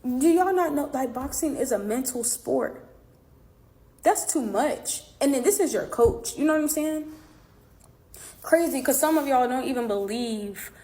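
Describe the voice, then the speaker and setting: A boxer tells her side of a falling-out, chatting casually and speaking straight to her viewers while animatedly acting out past conversations. Her high voice is warm and animated, and she takes her time.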